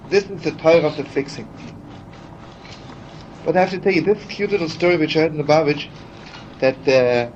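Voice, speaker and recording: A man preaching in a heartfelt, chatty storytelling voice, turning often to his listeners with "you know." His voice sits a little high for a man. The recording is dull and archival, with a faint hiss underneath. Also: darkish tone. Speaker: rabbi teaching. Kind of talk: storytelling sermon.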